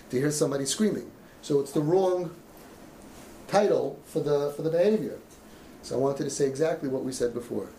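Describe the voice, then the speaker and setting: A man's voice: a little high, mellow, a little hiss or hum. Passionate man coaching parents, echoey room. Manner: passionate, acts out parents' and kids' voices. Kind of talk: emotional talk to a parents' group. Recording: echoey room with faint ambience.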